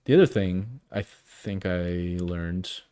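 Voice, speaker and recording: A man in his early thirties with a somewhat low voice muses half to himself as he sketches, stopping and restarting his thoughts. He drops wry jokes at his own expense. The sound is close and dry, with no room around it. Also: warm tone, clear, resonant tone, dry recording. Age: 30s. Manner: halting, self-questioning, trailing off often; wry self-deprecating humor. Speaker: artist streaming live. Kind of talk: casual think-aloud commentary while drawing.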